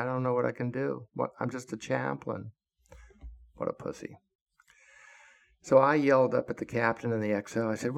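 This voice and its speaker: A man's voice: on the low side, vocal fry. A man in his sixties telling his own story bluntly and with profanity, flaring into heated outbursts. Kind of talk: first-person storytelling.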